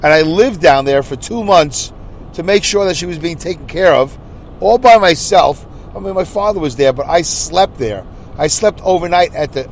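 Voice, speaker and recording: A man hosting a podcast, rambling through a casual, animated monologue and slipping into quick impressions. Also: sits high, a little hiss or hum. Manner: animated, rambling storyteller who slips into impressions. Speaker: podcast host.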